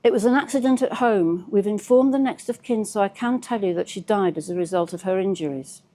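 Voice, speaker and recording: A woman reading as a calm, polite police inspector. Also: mid-range voice, brisk, close to an everyday voice. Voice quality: mellow, pleasant.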